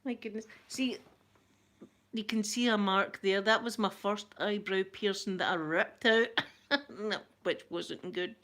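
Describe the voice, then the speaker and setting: A woman's voice: medium pitch, steady tone, a little slow, a bit bright. A woman with a Glaswegian Scottish accent chatting casually on a live stream, laughing often and repeating herself as she answers viewers. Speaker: ASMR channel host answering live chat.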